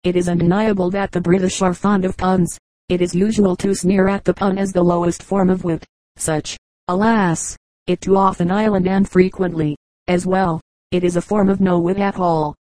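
A woman giving a measured, even reading of an audiobook as its narrator. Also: on the low side, dry recording, low-quality recording. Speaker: audiobook reader. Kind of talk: scripted narration.

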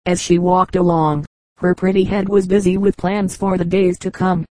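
A narrator reading fables aloud in an even, measured storytelling manner. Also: mid-range voice, no room sound, low-quality recording. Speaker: audiobook narrator.

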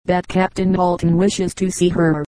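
A woman's voice: fairly low pitch, flat delivery, unhurried, mellow, dry recording, natural voice, poor audio. A woman voicing a kindly, well-bred army captain in his thirties, speaking in a courteous, plain way.

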